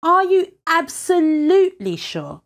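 An eager, sly young boy from a storybook, as a woman reader puts him on, his voice jumping high and swooping widely. He talks slowly and brightly, excited and pleading. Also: exaggerated voice.

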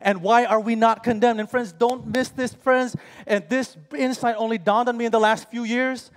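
High-voiced impassioned male preacher. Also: fairly even intonation, moderate pace. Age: 40s. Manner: impassioned, emphatic, addresses listeners as friends. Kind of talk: sermon. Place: church sanctuary. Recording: church hall reverb, faint music.

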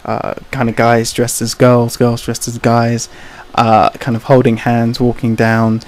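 A man's voice: medium pitch, monotone, a little slow. A man giving casual opinion commentary over gameplay, rambling and hesitant, full of "you know" and "kind of," with awkward laughs between points. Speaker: gaming commentator.

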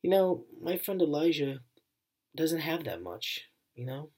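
The young channel owner talks directly to the camera to say thank you, his fairly high voice husky, darkish, and sing-song, unhurried in pace. Earnest and repeating himself, he keeps coming back to the same phrases while his voice shakes and chokes up.

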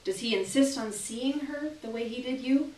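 A woman's voice: high-pitched, moderate pace, darkish tone, a little hiss or hum. A woman giving a dramatic live reading of a story in the second person. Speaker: reader. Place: stage in a hall. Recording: echoey hall from far off.

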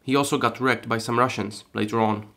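Deadpan comic narrator, man. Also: medium pitch, a little fast, vocal fry. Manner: deadpan, sarcastic. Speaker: host. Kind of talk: comedic scripted narration.

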